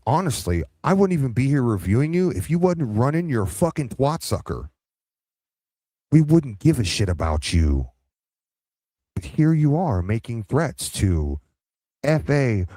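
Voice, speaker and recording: Lively, profane male stream host. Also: medium pitch, no room sound, clean studio sound. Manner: profane, rambling, taunting. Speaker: live-stream reaction host. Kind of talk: live reaction commentary.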